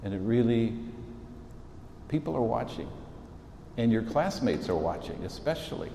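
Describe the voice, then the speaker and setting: A bishop in his sixties speaks to students in a relaxed, folksy storytelling manner. His voice is dark and mellow, with a lot of roomy echo and a long hall reverb behind it. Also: medium pitch, moderate pace, creaky, slight background noise. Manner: folksy storytelling, warm asides. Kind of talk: informal address to students. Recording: echoey hall, long reverb, faint ambience.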